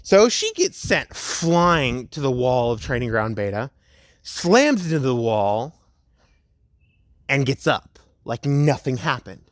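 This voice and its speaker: A man's voice: mid-range voice, very animated, no echo. Young man, casual rambling storyteller, home recording, dry close sound. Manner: rambling, laid-back, with stretches of slow dramatic retelling. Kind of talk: casual fan story narration.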